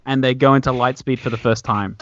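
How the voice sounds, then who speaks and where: A man's voice: medium pitch, fairly even intonation, quick pace, slight background noise. A man joining a casual podcast chat as a guest, drawing his words out in a playfully dramatic way. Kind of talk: casual chat among friends. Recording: dull lo-fi dry sound.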